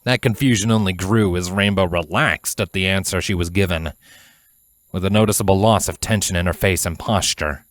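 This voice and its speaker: Deep-voiced man reading a story. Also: normal speed, no echo. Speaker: narrator. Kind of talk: fan fiction audiobook reading.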